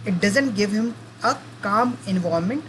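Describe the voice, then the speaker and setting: A woman gives a talk to parents, moving slowly and repeating her points, with frequent check-ins like asking the listener whether she is right. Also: mid-range voice, lively intonation, a little hiss or hum, poor audio. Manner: keeps asking the audience to confirm; unhurried, repeats and rephrases points. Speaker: parenting educator.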